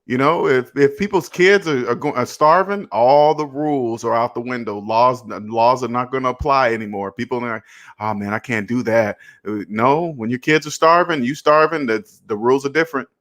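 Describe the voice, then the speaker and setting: A man's voice: mid-range voice, moderate pace, fairly bright tone. A man hosting a casual call-in chat about money, often restarting words and asking if you know what he's saying. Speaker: host giving money advice.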